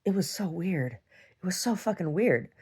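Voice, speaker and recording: A woman's voice: lowish voice, lively intonation, measured pace, mellow, slightly rough. A young woman talking in a meandering video diary, full of "like"s, restarts and casual swearing. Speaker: video diarist. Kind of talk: rambling personal video diary.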